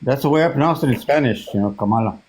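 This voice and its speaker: A man's voice: mid-range voice, rapid-fire, darkish tone, rough recording. A man arguing politics, stubborn and defensive, repeating his points over and over. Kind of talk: heated political debate.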